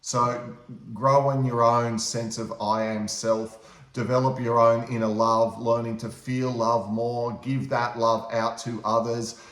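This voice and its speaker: A man co-hosting a casual talk to camera, giving measured spiritual advice with some hesitant fillers. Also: medium pitch, level tone, a bit bright. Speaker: spiritual teacher and co-host. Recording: echoey room.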